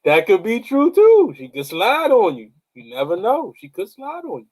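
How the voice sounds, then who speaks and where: A man with a high voice, chatting on a casual podcast. His delivery is easygoing and reflective, often pausing to mull over a question. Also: wildly swooping pitch, darkish tone, poor audio. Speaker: podcast co-host. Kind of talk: casual chat.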